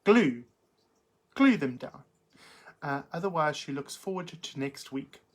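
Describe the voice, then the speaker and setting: Camp giggly hostess, low voice. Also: female voice, animated, a little slow. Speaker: livestream host. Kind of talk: casual live chat reading viewer comments.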